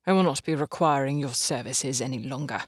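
A man's voice: mid-range voice, fairly quick, slightly rough, no room sound, clean studio sound, voice pushed down, natural voice. A narrator voicing a stern, pompous older male doctor who speaks coldly and acidly. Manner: cold, acid, moralizing.

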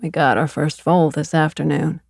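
Woman reading a tired farmer dad, low, gravelly, matter-of-fact, audiobook. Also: flat delivery, moderate pace, dry recording, studio quality, full character voice. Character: weary blunt farmer father.

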